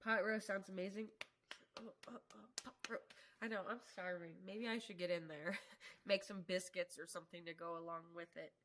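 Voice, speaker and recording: A woman's voice: fairly low pitch, steady tone, normal speed, fairly bright tone. A woman hosting a casual live stream, chatting to viewers and reading their comments, laughing often and swearing casually. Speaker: livestream host. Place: home workshop.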